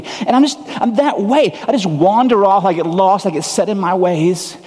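A man's voice: sits high, moderate pace, darkish tone, husky, big-room sound. A man preaching a sermon as pastor, conversational and earnest, often poking fun at himself. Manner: conversational, earnest, self-deprecating.

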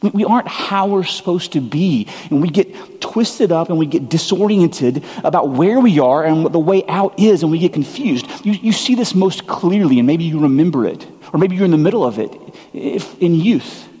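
A man's voice: a little high, animated, normal speed, mellow, husky, long reverb tail. A man preaching a sermon as pastor, conversational and earnest, often poking fun at himself. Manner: conversational, earnest, self-deprecating.

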